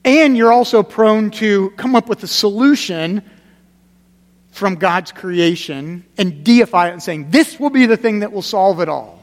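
Higher-voiced male pastor preaching in a hall. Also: animated, measured pace. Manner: conversational preaching, emphatic repetitions, drops to quiet gravity. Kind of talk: sermon.

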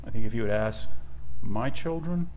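A middle-aged man preaching a sermon as pastor. He swings from hushed, drawn-out asides to loud, emphatic declarations. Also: medium pitch, lively intonation, a little hiss or hum.

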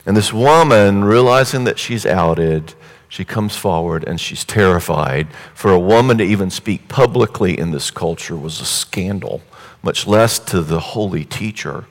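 A man's voice: sits low, expressive, a little slow. A man preaching a sermon in a vivid, conversational storytelling way. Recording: echoey hall reverb.

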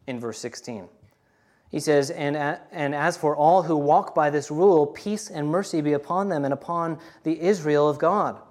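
A man preaching a sermon earnestly, often pausing with "uh" between points. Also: on the high side, darkish tone. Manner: earnest preaching with many uh fillers. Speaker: pastor.

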